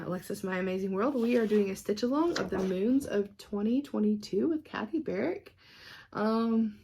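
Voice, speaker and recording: A woman in casual show-and-tell mode, walking through her craft projects in an easy, rambling way. Her voice sits in a middling pitch with a gravelly fry underneath. She loses her train of thought now and then and laughs at herself before moving on. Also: dark tone. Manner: chatty and scattered, trails off and laughs at herself. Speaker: cross-stitch vlogger.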